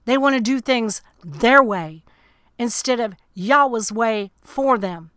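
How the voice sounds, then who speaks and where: A woman's voice: a little high, animated, slow, a bit bright, no room sound, clean studio sound. A woman ministering on radio, reading psalms and commenting emphatically, repeating key lines.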